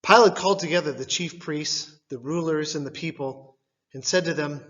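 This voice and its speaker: A man giving a liturgical scripture reading, delivered in measured phrases, one at a time. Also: a little high, a bit bright, lo-fi sound. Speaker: scripture reader.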